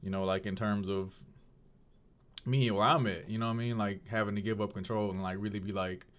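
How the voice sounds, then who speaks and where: A man's voice: on the low side, fairly even intonation, brisk. A man giving a rambling, conversational diary-style talk about his faith, often searching for his words. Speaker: video diarist. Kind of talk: casual reflective talk on faith.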